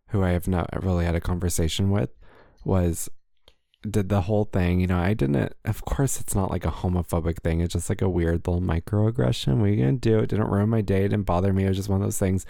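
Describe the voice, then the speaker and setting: Man, podcast co-host, casual chat, jokey storyteller, lowish voice, dry close sound. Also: a little fast, vocal fry, dry recording. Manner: animated storyteller, jokey, acts out quotes.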